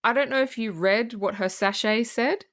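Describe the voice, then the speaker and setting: A woman's voice: on the high side, a bit bright. A woman co-hosting a podcast, casually recapping a film's scenes and acting out characters' lines. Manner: retells scenes, acting out lines in quick put-on voices. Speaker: podcast co-host. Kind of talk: casual movie review chat.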